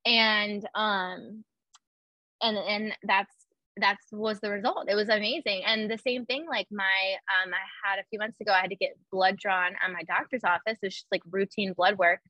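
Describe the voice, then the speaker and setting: Young woman chatting away, lots of "like", bright tense voice, bit muffled. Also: mid-range voice, steady tone, moderate pace, no room sound. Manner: chatty, full of "like" fillers, acts out her own quotes. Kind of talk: casual chat.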